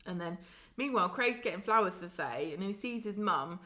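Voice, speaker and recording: A woman's voice: mid-range voice, animated, sharp tone. Woman, chatty podcast co-host, slips into character voices. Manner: chatty, acts out characters' lines in quick voices. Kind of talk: casual chat recapping a soap.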